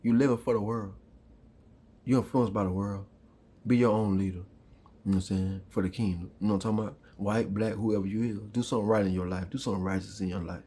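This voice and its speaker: Husky-voiced man preaching with profane fervor. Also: fairly low pitch, steady tone, fast talker, warm tone. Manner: swearing, rhythmic, repeats "huh?" and "you feel me?". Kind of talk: impassioned street preaching monologue.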